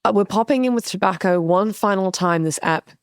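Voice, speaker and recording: A podcast co-host recaps a TV episode in candid, casual talk, swearing freely and animatedly retelling scenes. Her medium-pitched voice is brisk and smooth, with studio-quality sound and no room echo.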